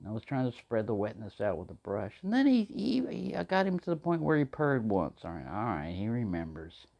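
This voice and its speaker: A man's voice: on the low side, huge pitch swings, fairly quick, gravelly, a little mellow, dull audio. A man talking casually to the camera as he cooks, rambling, talking to himself and answering in silly voices. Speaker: outdoor cooking vlogger. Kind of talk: casual talk to camera while cooking.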